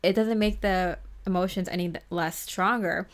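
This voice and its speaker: Giggly and talkative, this tarot reader leads a relaxed pick-a-card session, filling her sentences with "like." Her voice sits on the low side, steady and at normal speed.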